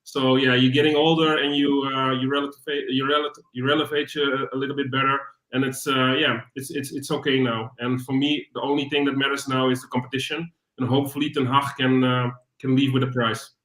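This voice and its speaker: A Dutch-accented man speaks on a fan panel from an echoey room. His voice stays flat and even. He talks haltingly and often repeats his words. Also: mid-range voice. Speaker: guest fan pundit. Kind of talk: casual panel discussion. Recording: roomy echo.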